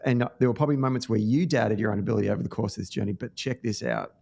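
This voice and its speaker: Australian male podcast host, low-ish register, earnest anecdotal delivery with fillers and restarts. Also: rapid-fire, vocal fry, darkish tone. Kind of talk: casual podcast conversation.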